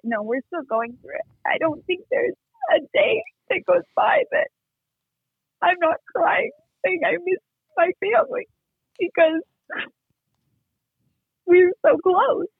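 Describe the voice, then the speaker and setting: A woman's voice: extremely high pitch, lively intonation, measured pace, pauses often, no room sound. A woman speaking candidly as a guest, opening up in a tearful way. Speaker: guest, younger sibling. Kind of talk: emotional personal chat. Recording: tinny phone-like line.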